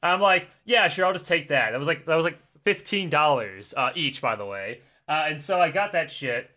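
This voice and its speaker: A man in his thirties chatting on a casual podcast, his voice hoarse and cracking as it recovers. His tone is bright and sits a little high, and he laughs and swears his way through a long story. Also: animated, fairly quick. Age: 30s. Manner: rambling storyteller, laughs often, swears freely. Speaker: podcast co-host. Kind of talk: casual chat.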